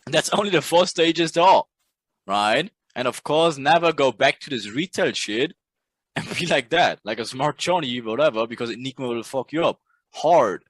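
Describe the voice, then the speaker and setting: A man's voice: mid-range voice, expressive, moderate pace, a bit bright, dry recording. Blunt, profane male trading instructor. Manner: blunt, profane, keeps asking "right?". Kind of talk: casual recorded lecture.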